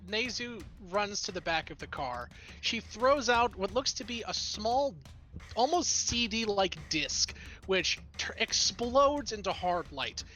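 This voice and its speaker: A game master running a tabletop game, narrating the scene in an easygoing way with frequent pauses. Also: medium pitch, animated, sharp tone.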